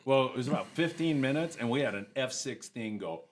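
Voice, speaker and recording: A middle-aged man casually telling lively anecdotes, often acting out other people's voices. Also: medium pitch, a little fast. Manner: animated anecdotes, acts out voices. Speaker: guest. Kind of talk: casual storytelling.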